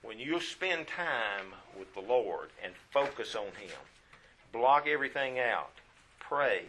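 A man's voice: mid-range voice, animated, slow pace, bright, forceful tone, slight background noise. A man preaching a sermon in a folksy way, often repeating phrases for emphasis.

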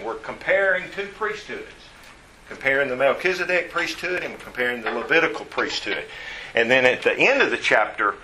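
A man's voice: mid-range voice, sharp tone, slight background noise, low-quality recording. A man teaching a Bible study lecture, emphatic, repeating his points and asking the class rhetorical questions.

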